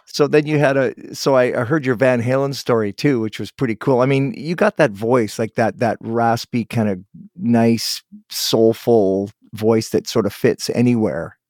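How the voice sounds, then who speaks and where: A man's voice: mid-range voice, normal speed, a little mellow, no echo, studio quality. A man hosting an interview podcast who keeps the chat going with short, encouraging affirmations. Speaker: podcast host.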